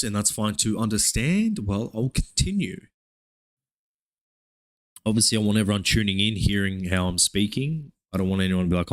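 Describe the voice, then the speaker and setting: A young man from Australia with an Australian accent, streaming live trading commentary in a profane, hyped play-by-play with excited oohs. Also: fairly low pitch, moderate pace. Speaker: live-streaming futures trader.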